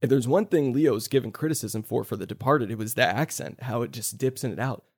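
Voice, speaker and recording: A man hosting a casual movie review podcast, talking in animated bursts with swearing and quick asides. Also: medium pitch, breathy edge. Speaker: podcast host.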